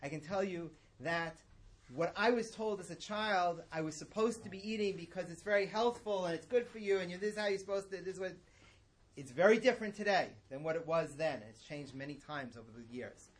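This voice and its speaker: A man's voice: high voice, a little fast. A middle-aged man giving a religious lesson in a conversational, digressive and emphatic way. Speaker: religious teacher. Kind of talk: lecture-style lesson.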